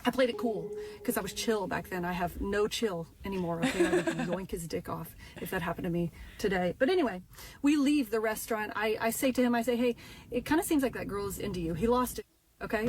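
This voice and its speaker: A young woman tells a comedic story in a casual, animated way, with punchy dramatic asides. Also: mid-range voice, a little fast, a crowd in the background. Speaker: storyteller in a social media video.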